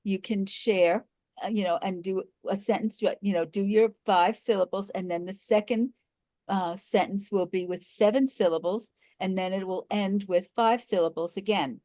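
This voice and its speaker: An older woman facilitating a group video call, gently explaining and repeating instructions. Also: medium pitch, steady tone, normal speed, no echo.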